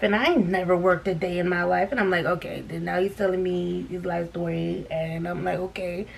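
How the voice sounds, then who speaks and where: A young woman vlogger telling a story while she does her makeup, animated, laughing often and talking straight to her viewers. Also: fairly low pitch, fairly quick, creaky, few pauses. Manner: animated, laughing, talks to viewers as girl and y'all.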